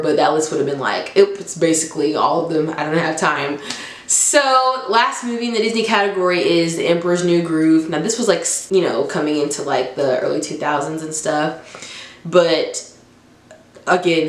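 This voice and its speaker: A woman in her twenties chatting enthusiastically in a casual vlog, laughing often. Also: low-pitched. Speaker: vlogger. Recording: roomy echo.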